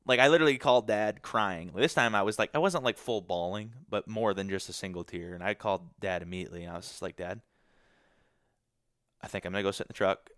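A man from Michigan tells a story as a podcast guest, talking fast and loose with lots of "like"s and with real feeling in his voice. His voice sits a little low, and the sound is close and dry, with no room around it. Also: fairly bright tone, dry recording. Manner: emotional, many "like" fillers. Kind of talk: casual storytelling.

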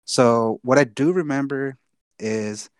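A man's voice: medium pitch, slow pace, clean tone, no echo. Young guy, podcast co-host, rambling storyteller, dry close sound. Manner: loose, profane, repeats himself. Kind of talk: casual storytelling.

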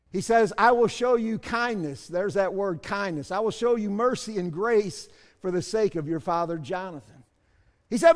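A man pastor preaching a sermon, moving between soft asides and loud shouted bursts. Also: high-pitched, normal speed, in a large hall.

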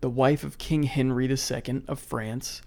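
A man co-hosting a casual podcast, relaxed as he reads out history facts and then riffs on them. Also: medium pitch, normal speed, gravelly. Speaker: podcast co-host presenting history.

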